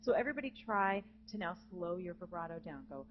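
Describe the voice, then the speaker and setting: A woman's voice: on the low side, quick pace, muffled recording, a little hiss or hum. Chatty woman teaching jazz singing. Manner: chatty, demonstrates with short sung phrases. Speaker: vocal jazz clinician. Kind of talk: teaching a masterclass with sung examples. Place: conference hall with live student audience.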